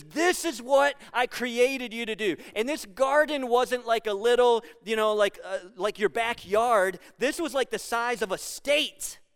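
High, smooth-voiced pastor preaching. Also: male voice, fairly bright tone. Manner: conversational and jokey, building to emphatic points. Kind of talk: sermon.

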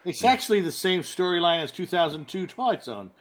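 A man's voice: high-pitched, sing-song, fairly quick. Joking man chiming in with trivia. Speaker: podcast co-host. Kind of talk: casual comedic chat.

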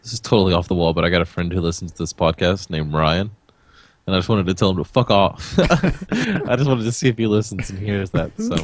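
Animated swearing podcast co-host, man. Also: deep voice, a little fast. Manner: animated storyteller, swears freely, acts out quotes. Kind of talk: casual chat.

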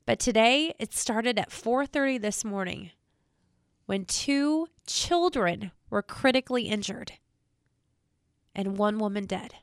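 A woman in public safety speaking straight to viewers, emotional and near tears, earnest and halting, repeating words as she talks. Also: a little high, lively intonation, clear, resonant tone, no room sound, clean studio sound. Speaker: state trooper spokesperson. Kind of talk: emotional direct-to-camera talk.

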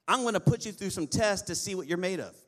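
A male pastor preaching a lively sermon, often asking the congregation for an amen. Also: sits high, fast talker. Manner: lively preaching with call-and-response amens.

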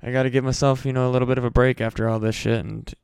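Worn-out podcast host, a man from the Midwest, flat delivery, very clear dry sound, loose and profane. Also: mid-range voice, racing, no echo. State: very tired. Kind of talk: casual solo podcast chat. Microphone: home podcast mic.

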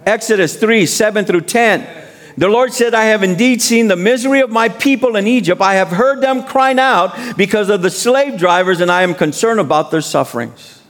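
In a high-pitched, fairly bright voice at a moderate pace, a guest preacher gives a sermon. He exhorts the congregation with casual street-style talk and call-and-response cries of "amen."

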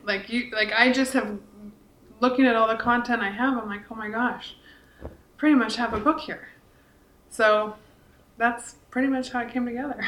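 A woman's voice: fairly high pitch, fairly bright tone. Chatty woman in her 40s, earnest, says like a lot, roomy echo. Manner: chatty and earnest, many likes and restarts. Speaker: podcast co-host and author. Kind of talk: casual podcast conversation. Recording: echoey room.

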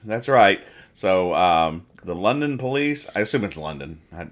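A man's voice: low voice, sing-song, a little slow. A man hosting a podcast, casually explaining comic strips in a rambling, self-deprecating way. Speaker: podcast host.

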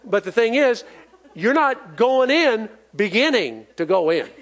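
High-voiced folksy male preacher. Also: very animated, measured pace, a bit bright. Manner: folksy, emphatic, with call-and-response and chuckles. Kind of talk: sermon.

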